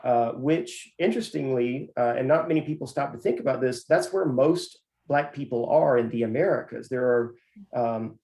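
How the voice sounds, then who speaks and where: A man who is a university professor, answering interview questions in a measured way with many "uh" fillers. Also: medium pitch, dark tone. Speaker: professor and guest. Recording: roomy echo.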